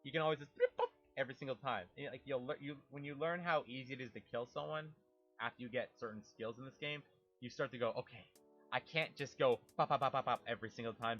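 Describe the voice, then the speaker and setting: Bright, animated young man ranting. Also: medium pitch. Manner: animated, swears a lot, mimics game sounds. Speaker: gaming YouTuber. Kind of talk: casual rambling monologue.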